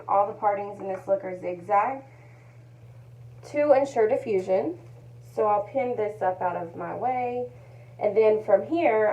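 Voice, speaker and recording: A woman with a mellow, warm voice walks through a technique step by step. She talks in a calm, methodical way and comes back to her key points again and again. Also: mid-range voice, rough recording. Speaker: hair color educator. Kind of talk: step-by-step tutorial narration.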